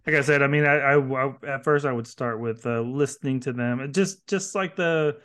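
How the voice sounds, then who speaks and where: A man's voice: medium pitch, normal speed, a bit bright. A man co-hosting a casual podcast, rambling and stammering through his points. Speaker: podcast co-host. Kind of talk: casual chat.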